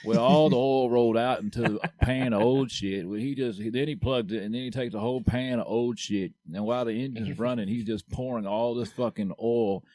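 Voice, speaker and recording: A man co-hosting a podcast, telling stories in a loose, profane way with excited bursts. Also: medium pitch, brisk, few pauses. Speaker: podcast co-host. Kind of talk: casual chat.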